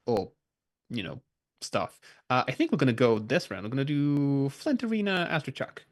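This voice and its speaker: A man's voice: mid-range voice, animated, moderate pace. A man acting as game master, narrating a tabletop game in a casual, rambling way with offhand asides.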